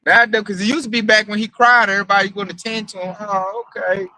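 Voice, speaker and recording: A man's voice: high-pitched, fairly even intonation, fast, pushed and bright, no echo, low-quality recording. A man preaching in a casual, emphatic and profane way, mocking his targets as he talks.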